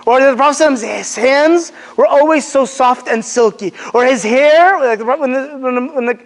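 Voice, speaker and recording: With long hall reverb on the recording, an Islamic teacher speaks to young people in a relaxed religious talk at a moderate pace and in a very high voice. He brings his stories to life by performing quotes, though he fills his speech with fillers and restarts.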